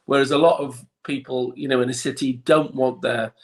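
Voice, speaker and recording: A man from Liverpool, England, with the accent to match, chats as a guest in a relaxed interview. He talks a little fast at medium pitch with fairly even intonation, restarting often and dropping in plenty of ums.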